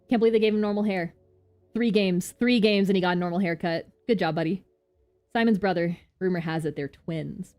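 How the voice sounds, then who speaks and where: A woman streamer chatting excitedly while playing a game. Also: medium pitch.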